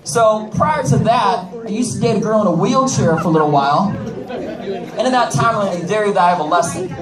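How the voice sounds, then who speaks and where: A man's voice: high-pitched, lively intonation, normal speed, reverberant, far from the mic, a crowd in the background, low-quality recording. A man doing a stand-up comedy set, with brash joking asides to the audience. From United States. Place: comedy club stage.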